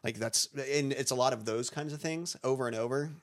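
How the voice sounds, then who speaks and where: A man's voice: medium pitch, fairly quick. A man co-hosting a podcast, talking through ideas in a thoughtful, meandering way with many restarts and fillers. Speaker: podcast co-host, school staff. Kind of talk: casual conversation.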